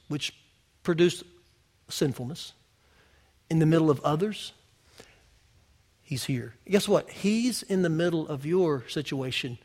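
A male pastor preaching a sermon in a conversational way, telling personal stories straight to the congregation and swinging from loud to hushed. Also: on the high side, vocal fry, breathy edge. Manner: personal storytelling, addressing the congregation directly.

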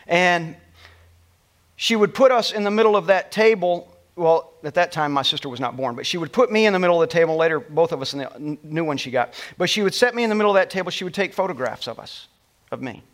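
A man's voice: a little high, expressive, fast talker. Middle-aged man telling a heartfelt sermon story. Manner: emotional, storytelling, dropping to soft tones at tender moments.

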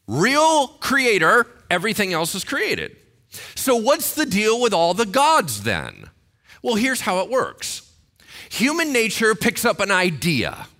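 A man preaching a sermon, animated and joking, acting out the voices of people in the story. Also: medium pitch. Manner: animated, jokey, acts out quotes. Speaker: pastor.

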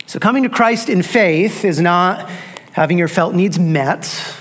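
A man's voice: high voice, measured pace, a bit bright. A man. He drives his points home by repeating key phrases and asking the congregation rhetorical questions. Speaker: pastor. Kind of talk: sermon.

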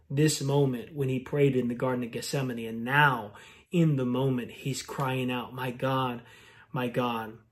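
Slow, reflective male pastor preaching. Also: on the high side. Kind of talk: sermon.

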